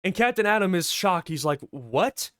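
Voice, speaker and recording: A man's voice: on the high side, moderate pace, no echo, studio quality. Young man recapping a comic story. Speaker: comics channel host.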